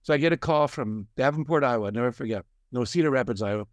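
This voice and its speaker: Older male guest, animated storyteller, medium pitch, dry close sound. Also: fast talker, no room sound. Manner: animated storyteller, acts out quoted voices. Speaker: guest, success coach and author. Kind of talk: storytelling in a conversation.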